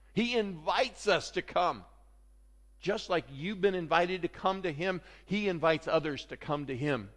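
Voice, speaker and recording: Animated preaching man, echoing hall. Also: a little high. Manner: animated, swings from loud to hushed. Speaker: pastor. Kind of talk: sermon.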